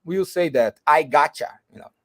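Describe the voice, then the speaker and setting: A man explains a business topic, stopping and restarting his phrases often. His voice sits a little high for a man. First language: Portuguese. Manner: halting, with frequent restarts and fillers. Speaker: guest speaker. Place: video call.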